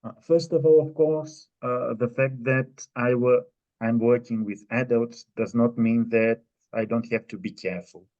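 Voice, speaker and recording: A man presenting at a conference, answering an audience question in a measured, explanatory way with many pauses. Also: mid-range voice, steady tone, darkish tone. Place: conference room. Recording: dull lo-fi recording.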